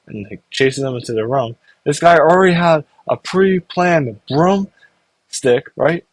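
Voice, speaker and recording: A man's voice: mid-range voice, no echo, rough recording. Rambling young man recapping an anime. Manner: rambling, acts out characters in quick put-on voices. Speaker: anime reviewer. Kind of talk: casual recap.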